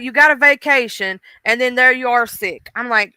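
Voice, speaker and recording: Chatty, emotional woman streamer with a bright voice. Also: fairly high pitch, normal speed, hardly any pauses, smooth, dry recording. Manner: chatty, emotional, greets chat by name. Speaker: livestream host. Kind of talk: casual livestream chat.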